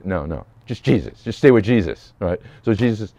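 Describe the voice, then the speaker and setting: A man's voice: on the low side, expressive, normal speed, gravelly, warm tone, no room sound. A man as a pastor giving a short Easter sermon, telling a Bible story earnestly and voicing the people he quotes.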